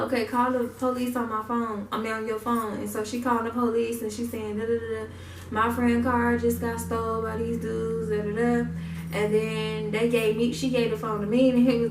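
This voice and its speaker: Gravelly young woman telling a story. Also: on the high side, distant mic, a little hiss or hum. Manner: animated retelling, acts out quotes. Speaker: vlogger. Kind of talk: casual storytime. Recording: echoey room, mic set back.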